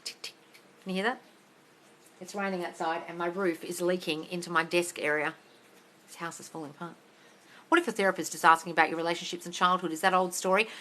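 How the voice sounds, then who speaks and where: Bright-voiced woman ranting on a livestream. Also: fairly low pitch, low-quality recording. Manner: blunt, sweary, ranting, yells a lot. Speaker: manifesting coach answering live chat questions. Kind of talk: livestream Q&A, reading out viewer comments. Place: home desk area. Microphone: livestream on phone or computer.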